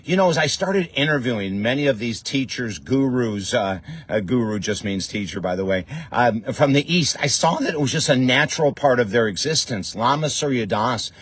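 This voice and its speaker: A man hosting a podcast in a casual, enthusiastic monologue, with frequent fillers and restarts. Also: mid-range voice. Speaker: podcast host.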